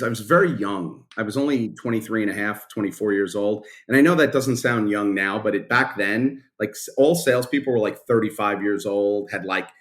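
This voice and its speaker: A man in his fifties, a company founder, telling a story in a casual and blunt way, swearing freely, in a podcast interview. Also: on the low side. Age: 50s.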